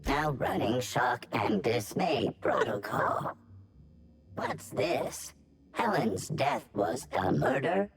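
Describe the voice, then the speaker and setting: A man's voice: medium pitch, huge pitch swings, slow, gravelly, slight background noise, heavily acted. A man voicing a theatrical male robot actor in a video game, with a stiff, mechanical, announcing delivery. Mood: mock grief.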